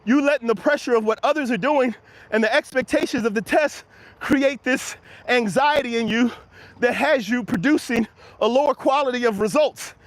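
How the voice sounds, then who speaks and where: A very high-pitched man talks while walking outside, a little winded but full of push and encouragement for the people watching. He chats right back to his viewers' comments. His voice sits close and dry on the mic. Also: normal speed, no room sound. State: slightly out of breath from walking. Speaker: motivational livestream host. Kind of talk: live walk-and-talk motivational chat. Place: outdoors on an early-morning walk. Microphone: handheld camera while walking.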